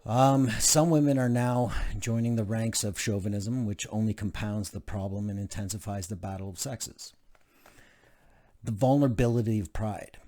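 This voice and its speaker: A channel host reads aloud from a self-help book in a warm, lowish voice. He drops in casual asides and uses frequent fillers.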